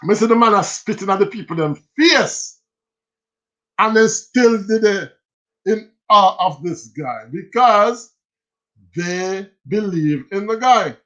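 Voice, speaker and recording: High-voiced Jamaican man hosting a live chat. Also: slow. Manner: animated, switches into patois, reads viewer messages aloud. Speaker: livestream host. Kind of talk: casual livestream chat reading comments.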